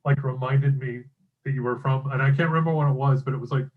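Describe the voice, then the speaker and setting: A man's voice: mid-range voice, steady tone, quick pace, narrow, tinny audio. A man hosting a casual chat, rambling through stories with lots of fillers. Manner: rambling, many fillers and trailing phrases. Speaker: host.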